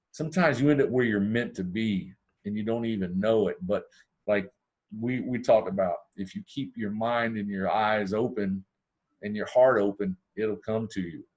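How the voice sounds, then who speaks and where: A man from Ohio, a podcast guest telling a long personal story in a casual way, acting out the dialogue with big swings in his voice. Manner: animated, acts out dialogue with big pitch swings.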